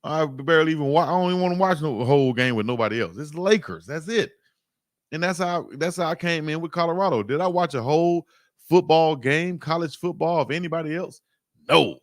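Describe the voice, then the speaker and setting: Animated male sports livestream host. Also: on the high side, fairly quick, dry recording, studio quality. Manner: animated, emphatic, repeats phrases, slangy. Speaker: live-stream sports show host. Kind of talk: casual livestream commentary.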